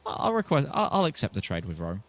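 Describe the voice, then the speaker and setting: A man's voice: medium pitch, huge pitch swings, brisk, fairly bright tone. A man playing a multiplayer strategy game, chatting over voice call with playful, jokey interjections. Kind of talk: casual gaming chat over voice call. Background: game music.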